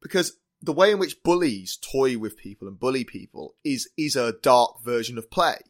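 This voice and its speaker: A man co-hosting a podcast, chatting casually and enthusiastically with quick laughs. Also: medium pitch, expressive. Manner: enthusiastic, quick laughs, restarts mid-phrase. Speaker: podcast co-host. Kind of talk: casual chat reviewing a TV episode.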